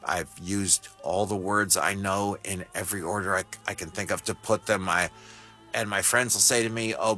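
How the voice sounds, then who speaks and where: A man's voice: deep voice, pushed and bright. A screenwriter in his sixties being interviewed on radio, telling stories in a wry, storytelling way. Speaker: screenwriter guest.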